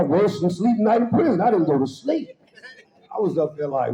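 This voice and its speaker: Brief: man, very mellow dark tone, animated comic storyteller at a church service, roomy hall sound. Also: fairly quick. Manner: animated, acts out quoted voices with sudden high pitch jumps; laughs through his own punchlines. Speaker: guest speaker at a worship service. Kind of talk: humorous storytelling testimony.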